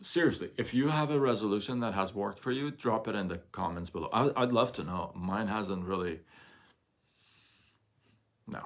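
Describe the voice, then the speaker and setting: Low-voiced man chatting candidly on a livestream. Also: moderate pace, pauses often. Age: middle-aged. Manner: candid and rambling, with frequent restarts and chuckles. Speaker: live-stream host. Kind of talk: casual livestream talk to viewers.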